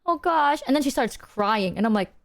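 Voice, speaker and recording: A young woman streamer chatting casually, telling an animated story and acting out the quotes. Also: fairly high pitch, moderate pace. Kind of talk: casual chat.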